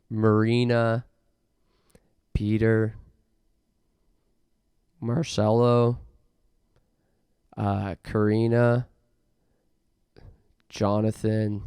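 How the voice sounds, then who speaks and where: A young man hosting a podcast, rambling through an absurd comic monologue in a deadpan way with mock rants. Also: lowish voice, clear, resonant tone, dry recording, clean studio sound. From Canada. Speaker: podcast host.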